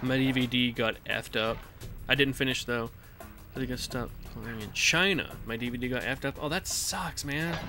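A man's voice: mid-range voice, normal speed, bright, forceful tone, soft background music. A man casually commenting while he plays a video game, chatty and swearing now and then while answering chat. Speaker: let's play streamer.

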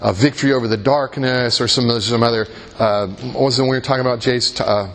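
A man's voice: medium pitch, steady tone, fairly quick, a bit bright. A man leading a Christian workshop in a conversational way, often asking his listeners rhetorical questions and making jokes at his own expense. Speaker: workshop leader.

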